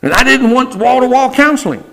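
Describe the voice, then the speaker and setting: A male pastor delivering a sermon, moving between casual asides, sudden shouts and slow emphatic stretches. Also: extremely high pitch, animated, creaky, low-quality recording.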